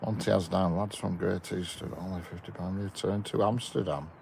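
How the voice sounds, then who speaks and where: A man's voice: low voice, fairly even intonation, moderate pace, vocal fry, a little mellow, a little hiss or hum. A man in a parked car chatting casually on a live stream, greeting viewers by name and chuckling. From England. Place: inside a parked car by a railway.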